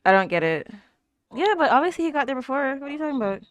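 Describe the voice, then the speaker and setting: A young woman casually commenting on a show as she watches, chatty and quick to exclaim and talk back at the screen. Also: high-pitched, sing-song. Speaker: anime reaction host.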